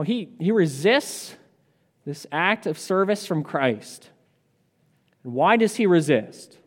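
A man preaching an earnest expository sermon, slowing down to stress key points. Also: fairly high pitch, big-room sound.

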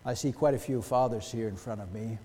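Emphatic preacher in a reverberant church. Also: male voice, medium pitch, fairly quick, husky. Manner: emphatic, rhetorical questions, wide swings in loudness. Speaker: pastor. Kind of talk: sermon. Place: church sanctuary.

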